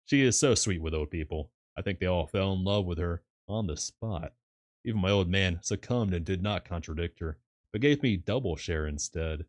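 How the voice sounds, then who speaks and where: A man with a very deep voice reads a classic novel aloud for a stream. He breaks off now and then with irreverent asides about the text. Faint music runs quietly behind him. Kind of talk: live book reading with asides.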